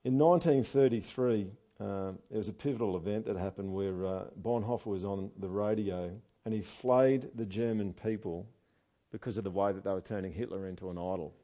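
An Australian man preaching a sermon, animated and joking, with loud asides and quiet readings. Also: on the low side, fairly quick. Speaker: pastor.

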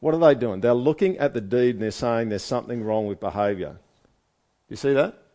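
A pastor preaches a sermon conversationally, firing off one rhetorical question after another at his listeners. His voice is mid-range and warm.

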